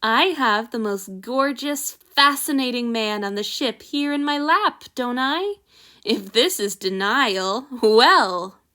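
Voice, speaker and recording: A woman reading the lines of a gentle, affectionate male god lord in a soft, tender, teasing way. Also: a little high, lively intonation, takes it slowly, heavily acted.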